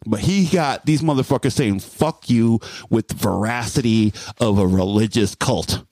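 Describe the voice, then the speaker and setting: A man telling a story in casual podcast chat, animated and profane, mimicking voices as he goes. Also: mid-range voice, moderate pace, no echo. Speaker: guest storyteller.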